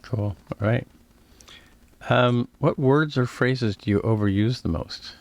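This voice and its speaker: A man hosting a podcast interview, asking quick questions and reacting briefly. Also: mid-range voice, no echo. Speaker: podcast host.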